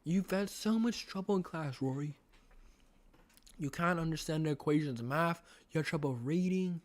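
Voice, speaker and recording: A man voicing a sinister, soothing older male villain in a put-on British accent. He talks in a coaxing, drawn-out way, reading a horror novel aloud. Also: on the high side, lightly acted. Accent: attempted British. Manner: coaxing, drawn-out, repeats the boy's name.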